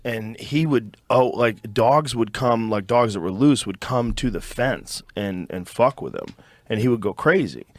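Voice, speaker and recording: A man hosting a podcast, telling a story in an animated, profane, casual way. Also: mid-range voice, measured pace, no echo. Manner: animated, profane, acts out voices in his stories. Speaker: podcast host.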